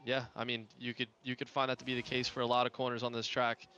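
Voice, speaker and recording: Bright-voiced, hesitant racing commentator. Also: male voice, mid-range voice, monotone, fast talker, dull audio, a little hiss or hum. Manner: hesitant, many restarts and fillers. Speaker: esports commentator and racing driver. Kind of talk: live sim racing commentary.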